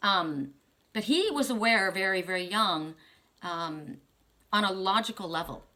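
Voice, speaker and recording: A woman's voice: mid-range voice, animated, measured pace, bright, forceful tone. An older woman reading oracle cards who talks in a rambling, emotional way, with many restarts. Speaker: oracle card reader. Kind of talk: casual spiritual talk.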